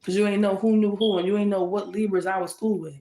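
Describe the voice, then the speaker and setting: A woman's voice: mid-range voice, fairly even intonation, quick pace, warm tone. Woman doing a fired-up tarot reading, keeps repeating herself, echoey room. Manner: fiery, confrontational, repetitive. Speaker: tarot reader.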